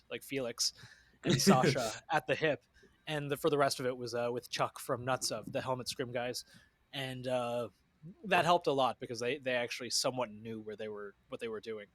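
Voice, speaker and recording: A man co-hosting a podcast in relaxed, profane, joking chat. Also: medium pitch, brisk, no echo. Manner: laid-back, profane, joking. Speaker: podcast co-host. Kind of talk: casual chat.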